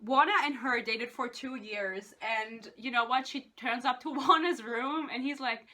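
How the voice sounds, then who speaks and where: A woman's voice: on the high side, moderate pace, hardly any pauses, sharp tone. A woman in a casual book rant, exasperated, swearing often and laughing between points. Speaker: book reviewer.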